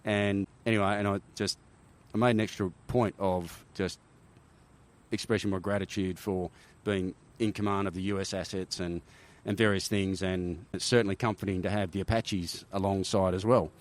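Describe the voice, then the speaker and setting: This middle-aged Australian, an army helicopter veteran guesting on a podcast, has a very low voice and speaks at a normal speed. Telling stories in a relaxed interview, he wanders, restarts phrases and keeps asking "right?".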